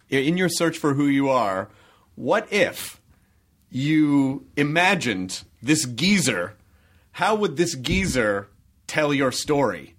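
A man's voice: mid-range voice, fairly bright tone. A man hosting a podcast, chatting casually with a guest and laughing easily. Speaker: podcast host. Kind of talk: casual interview chat.

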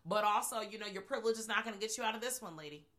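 A woman co-hosting a podcast, recapping a horror movie in casual, profane, animated chat and acting out the scenes. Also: medium pitch, very fast. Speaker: podcast co-host.

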